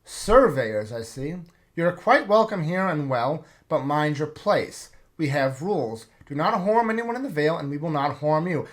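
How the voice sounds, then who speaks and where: A man voicing an imposing older woman who leads a village, speaking in a measured, warning way while reading a game's story. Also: a little high, expressive, close to an everyday voice. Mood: stern warning. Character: imposing older female village leader, stern. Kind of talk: reading game story aloud.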